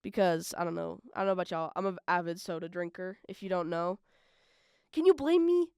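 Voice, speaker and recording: A young woman hosting a college radio podcast, chatting casually and rambling with lots of fillers, swinging between loud bursts and mumbled asides. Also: fairly low pitch, little pitch movement, quick pace, gravelly, clean tone, dry recording, clean studio sound. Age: young adult. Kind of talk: casual solo podcast chat.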